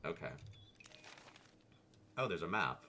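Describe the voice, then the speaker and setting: A man streaming a video game, playful and excitable, chatting his way through and greeting the animals. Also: sits low, takes it slowly. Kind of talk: casual gameplay commentary.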